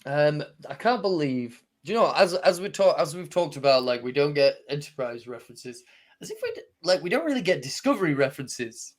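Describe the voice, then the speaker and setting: A man's voice: a little high, very animated, a little fast. A man co-hosting a podcast in casual chat, hesitant and full of restarts. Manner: hesitant, lots of restarts and fillers. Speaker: podcast co-host.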